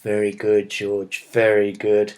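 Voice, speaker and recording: A man playing a patient father in a comedy chat, gently encouraging his son and calling him by name again and again. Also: lowish voice, completely flat delivery, slow.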